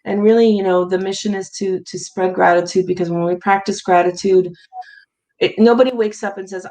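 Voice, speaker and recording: A woman's voice: fairly low pitch, steady tone, a little fast, rough recording. A woman being interviewed, chatting and telling family stories with frequent laughter. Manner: warm storytelling, laughs often. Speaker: guest. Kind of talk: casual interview conversation.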